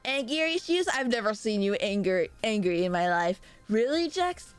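A young woman from Mexico streaming and chatting loosely with viewers, loud and rambling, often laughing at herself. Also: medium pitch, sing-song, clean tone, soft background music. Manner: loud, rambling, self-mocking, quick laughs. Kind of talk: casual live-stream chat with viewers.

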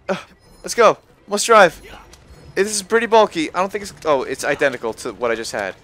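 A man giving live gameplay commentary on a stream, often frustrated and cursing with loud outbursts. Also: high-pitched, animated, normal speed. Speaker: gaming livestreamer.

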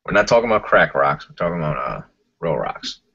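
A man's voice: very deep voice, big pitch swings, brisk, vocal fry, pushed and bright, breathy edge. A man co-hosting a podcast, from Puerto Rico, chatting casually over a call, laid-back and peppering his talk with "man" and "dude". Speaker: podcast co-host. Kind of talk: casual chat. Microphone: remote call. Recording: dull lo-fi audio.

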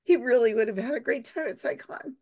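A woman's voice: a little high, fairly quick, darkish tone, breathy edge. Chatty woman telling a story with laughs. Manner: laughs often, many restarts and asides. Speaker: storyteller sharing a memory. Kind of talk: casual anecdotal storytelling.

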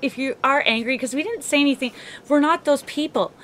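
Female co-host, slightly high, teasing, playful, faint background noise. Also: a little fast, a bit bright. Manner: laughs often, teasing and playful. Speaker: podcast co-host. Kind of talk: casual chat.

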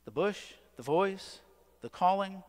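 A man preaching a sermon as pastor, asking the congregation questions and leaning on dramatic pauses. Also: sits high, lively intonation, a little mellow. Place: church. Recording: long church reverb. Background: church sanctuary.

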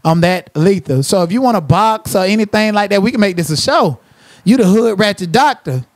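A man's voice: sits high, animated, brisk, no echo, clean studio sound. A man hosting a livestream, cursing and trash-talking someone in a confrontational rant. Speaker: livestream commentator.

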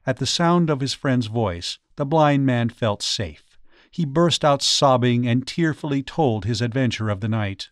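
A man's voice: medium pitch, no echo, clean studio sound. Man narrating a ghost story. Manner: even, measured storytelling. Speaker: audiobook reader. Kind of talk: scripted narration.

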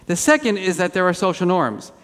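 A man giving a lively conference keynote, telling animated self-deprecating stories on stage. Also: high voice, brisk. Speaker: keynote speaker. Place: large auditorium. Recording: hall reverb.

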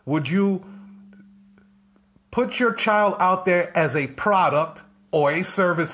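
A man in a live-streamed coaching talk, hammering home his point with one rhetorical question after another. His voice sits a little on the high side, and he circles back over the same phrases with a preachy, insistent drive. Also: slow, long pauses, fairly bright tone. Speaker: business coach.

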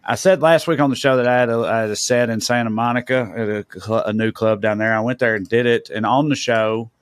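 Southern guy on a podcast, spinning a story, gets loud and high when he's riled, dry close sound. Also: fast, clear, resonant tone, no room sound. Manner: animated storyteller, jumps high when indignant. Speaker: podcast co-host and comedian. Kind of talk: casual storytelling chat. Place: podcast studio.

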